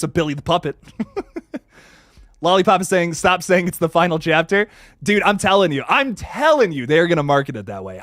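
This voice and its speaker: A young man hosting a horror livestream, reading out chat comments in a casual, excitable and profane way. His voice sits high for a man and jumps around a lot in pitch. He is recorded close and dry, with no room sound. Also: no echo. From Ohio, USA. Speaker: YouTube horror channel host.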